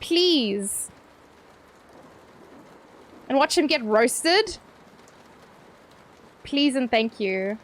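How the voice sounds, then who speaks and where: A woman's voice: high voice, animated, drawn-out words, pauses often. A young woman streaming live, chatting playfully with her viewers, swearing casually and laughing often.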